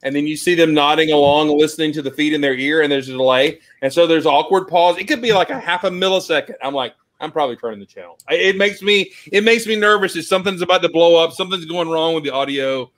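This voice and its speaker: A man chatting on a group stream, telling animated stories and repeating words as he goes. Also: a little high, quick pace, hardly any pauses. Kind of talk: casual chat on a group stream.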